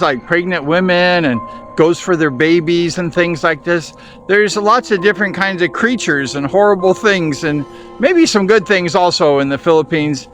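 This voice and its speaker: A man telling an excited story while vlogging outdoors in a mountain jungle. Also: sits high. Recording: music playing underneath.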